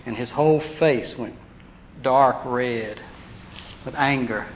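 A man preaching a storytelling sermon, animated, acting out the voices of people he quotes. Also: mid-range voice, takes it slowly. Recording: dull lo-fi sound with faint hiss.

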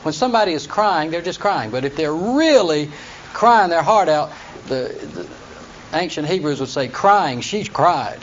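Male Bible study teacher, high-pitched, plain explainer, muffled classroom recording. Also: sing-song, normal speed. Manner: explains plainly, reads scripture aloud in King James wording. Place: classroom with students. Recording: dull lo-fi recording with faint noise.

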